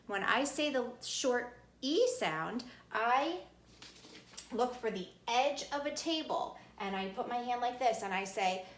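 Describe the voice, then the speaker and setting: A woman's voice: medium pitch, animated, pushed and bright, reverberant. A woman teaching second graders a phonics lesson, encouraging them and calling out vowel sounds for the class to repeat. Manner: slow, encouraging, calls out sounds with hand motions. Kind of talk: recorded phonics lesson for kids.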